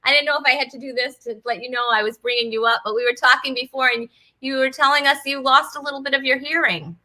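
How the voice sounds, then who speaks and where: A woman's voice: high voice, steady tone, fast talker, sharp tone. A woman hosting a casual live online talk show, chatty and bubbly, laughing often as she greets viewers. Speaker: host. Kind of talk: casual live-stream chat.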